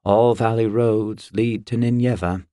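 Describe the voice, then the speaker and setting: A man voicing a brooding young warrior in an audiobook, in a low, subdued, weighed-down tone. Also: steady tone, unhurried, mellow, no room sound, clean studio sound, lightly acted. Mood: wry. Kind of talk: audiobook character voice.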